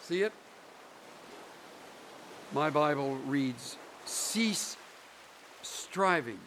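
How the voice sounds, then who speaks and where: A man preaching a sermon slowly and emphatically, leaning on deliberate pauses and prayer. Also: fairly high pitch, animated, a bit bright, slight background noise. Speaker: pastor. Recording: sermon recording under ocean wave sounds.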